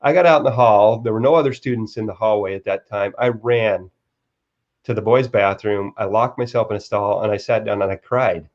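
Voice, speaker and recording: A man's voice: on the low side, muffled recording. A man who is a guest author, earnestly telling a personal story in a live-stream interview, often restarting his sentences. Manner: earnest, halting with repeated restarts.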